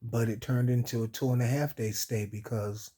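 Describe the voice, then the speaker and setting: Guy telling a story, keeps laughing even though it hurts, recovering from surgery, warm mellow voice. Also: mid-range voice, moderate pace, husky. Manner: laughs often while telling, addresses listeners as y'all. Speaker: vlog host. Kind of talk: casual personal storytelling.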